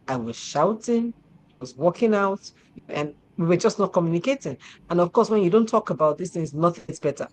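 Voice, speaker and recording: A middle-aged woman, hosting and telling stories in lively casual chat, repeating herself and laughing often. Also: on the low side, brisk, poor audio. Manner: animated, repetitive, laughs often. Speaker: show host.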